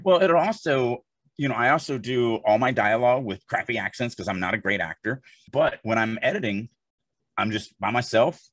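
A man's voice: medium pitch, animated, normal speed, fairly bright tone, no room sound. A man co-hosting a podcast, chatting casually in an emphatic, rambling way full of asides. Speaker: podcast co-host. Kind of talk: casual chat.

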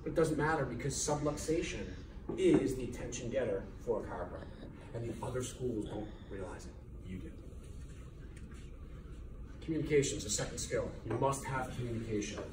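A man's voice: medium pitch, normal speed, pauses often. A middle-aged man, a chiropractor, giving an emphatic motivational lecture to business students, repeating key words and firing rhetorical questions. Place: lecture hall at a college. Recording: echoey hall from far off, faint noise.

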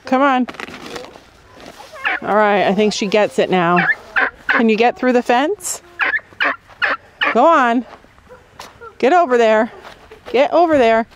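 A woman with a fairly high voice hosts a farm vlog outdoors among the animals, chatting playfully with children. She is lively, laughs often, and explains things simply, taking it slowly with long pauses. The outdoor recording picks up farm noise.

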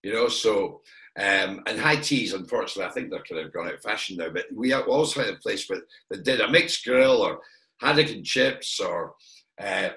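A man's voice: lowish voice, moderate pace, pushed and bright. A Scottish man from Perth, a guest actor, reminiscing in a casual chat and rambling with fillers and restarts. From Perth, Scotland. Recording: echoey room.

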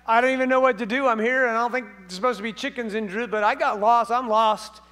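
A man's voice: very high voice, fairly even intonation, fast, pushed and bright, smooth. A man voicing a lost rooster who frets comically about being alone in a city at night. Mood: worried. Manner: anxious, rambling and comic.

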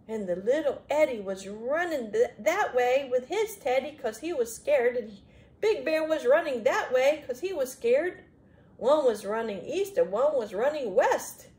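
A woman's voice: sits high, animated, unhurried, a little mellow. A woman reading a picture book aloud to children, stopping often to chat and ask the young listeners questions. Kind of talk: children's read-aloud with chatty commentary.

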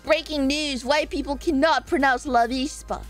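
A woman's voice: high voice, fairly even intonation, moderate pace, soft background music. A young woman streamer in casual live-stream chat, reading chat aloud with lots of swearing and laughing. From Southern US.

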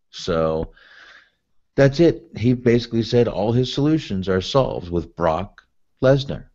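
A man's voice: mid-range voice, lively intonation, measured pace, mellow. A man co-hosting a casual podcast, laid-back and agreeable, recapping events. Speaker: podcast co-host. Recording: muffled lo-fi podcast audio.

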